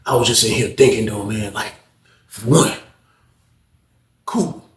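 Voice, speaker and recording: A man voicing a stern male prison officer who lectures in a low, quiet voice, recorded with roomy echo. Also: steady tone, a little slow, close to an everyday voice.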